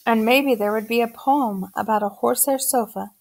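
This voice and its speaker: A woman reading a children's novel aloud, telling the story at a steady pace. Her voice has a noticeable gravelly texture. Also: fairly high pitch, normal speed. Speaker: audiobook narrator.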